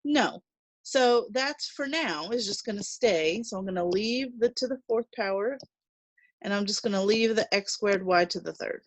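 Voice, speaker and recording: A woman's voice: mid-range voice, lively intonation, normal speed, no echo, low-quality recording. A woman teaching a recorded math lesson, chatty and reassuring, thinking aloud as she works through problems.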